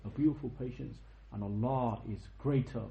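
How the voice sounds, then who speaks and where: A young man giving an informal religious lecture, telling a story with lively asides and checking questions to his listeners. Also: mid-range voice, moderate pace, creaky, roomy sound, muffled recording. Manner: animated storytelling, tag questions, quotes in Arabic. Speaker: teacher of a history lesson.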